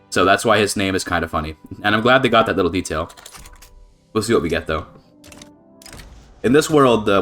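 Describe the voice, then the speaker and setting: A young man from Canada giving rambling, excitable commentary on a strategy game he is playing. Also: lowish voice. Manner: rambling, excitable, swears and laughs often. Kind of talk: casual gameplay commentary.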